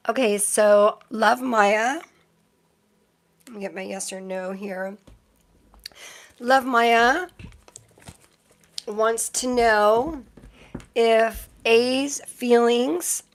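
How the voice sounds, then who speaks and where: A woman's voice: a little high, a bit bright. A woman doing a casual tarot live stream, chatting in a rambling, random way to her viewers and laughing often.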